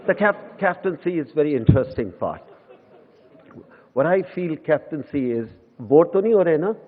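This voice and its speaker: A man's voice: fairly high pitch, big pitch swings, fast talker. A man in his fifties with an Indian English accent, giving a humorous lecture full of self-mocking stories and bits of Hindi. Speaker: guest lecturer. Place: lecture hall. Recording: echoey hall, tinny phone-like sound.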